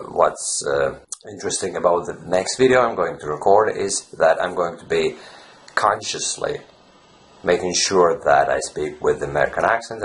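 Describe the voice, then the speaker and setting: Low gravelly man coaching English fluency. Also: a bit bright. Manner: rambling, frequent "you know" fillers. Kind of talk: casual teaching vlog.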